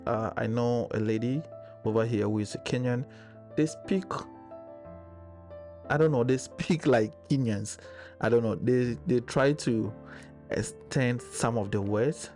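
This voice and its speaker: A man on a discussion panel, calmly explaining his views in casual debate. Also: on the low side.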